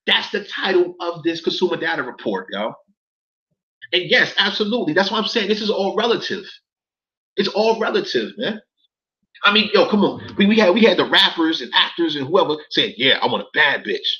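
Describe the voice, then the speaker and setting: A man rants on a livestream, with a lively voice that swings all over. His tone is bright and forceful, and he keeps repeating phrases and swearing. The stream audio sounds dull and lo-fi. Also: high voice, brisk. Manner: heated, profane, repeats phrases, talks to chat. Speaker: livestream commentator. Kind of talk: casual livestream rant.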